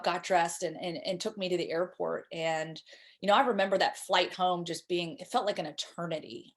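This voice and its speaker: A woman in her thirties, a guest in an interview, recounting a painful personal story in a halting, emotional way with many repeated words. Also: on the low side. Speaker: guest speaker.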